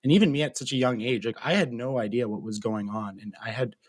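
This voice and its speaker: A man's voice: mid-range voice, fast talker, dry recording. Earnest young man, dry close sound. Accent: Canadian. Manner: earnest, talkative, many fillers and restarts. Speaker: guest, mental health advocate. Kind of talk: personal storytelling in an interview.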